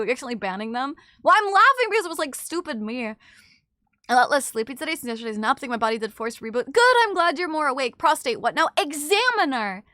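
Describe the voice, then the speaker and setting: A woman streamer chatting casually with her chat, apologetic and bubbly, quick to gasp and laugh. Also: sits high, pushed and bright, no room sound, clean studio sound.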